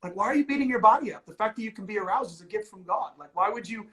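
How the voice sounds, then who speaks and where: A man's voice: high-pitched, lively intonation, rapid-fire, fairly bright tone, low-quality recording. A man and ministry leader talking candidly and earnestly, with many "like"s and "you know"s. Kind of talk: candid conversational talk.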